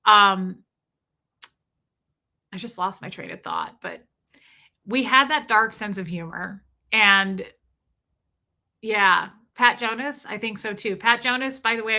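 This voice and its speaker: A woman's voice: medium pitch, sharp tone. A woman hosting a livestream, telling personal stories in a chatty way and reading out viewer comments as she goes. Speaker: livestream host. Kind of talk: casual storytelling to a live chat.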